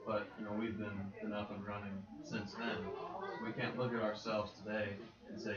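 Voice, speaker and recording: A man with a low, flat voice gives a calm, steady comment in a Bible class. He sounds far from the mic in a roomy, muffled space. A group of people is heard around him. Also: normal speed, over a noisy crowd. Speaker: class member.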